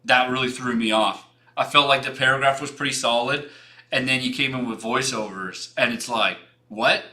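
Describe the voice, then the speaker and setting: A man's voice: medium pitch, steady tone, normal speed, bright, forceful tone. A young man hosting a design livestream, giving frank, rambling portfolio feedback with many restarts and some casual swearing.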